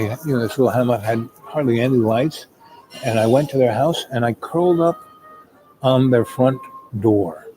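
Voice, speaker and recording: An older man telling a long personal story in a meandering, casual way, full of "you know" and pauses. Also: medium pitch, mellow, a little hiss or hum, low-quality recording.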